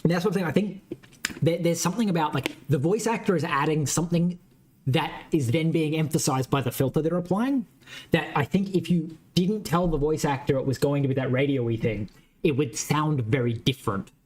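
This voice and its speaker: Casual game-dev streamer, a man with a light West Australian accent who rambles, thinks out loud and swears offhand. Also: fairly high pitch, brisk. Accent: mild West Australian. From Western Australia. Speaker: game developer streaming his coding. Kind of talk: casual live-coding chat.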